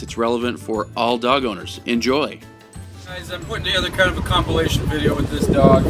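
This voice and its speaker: A man with a slightly high voice explains dog training in an energetic, instructional way, peppering his talk with "you know" and "like". He sounds set back from the mic, with clear music playing underneath. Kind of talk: instructional walkthrough. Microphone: camera following him while he works. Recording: distant mic with music behind.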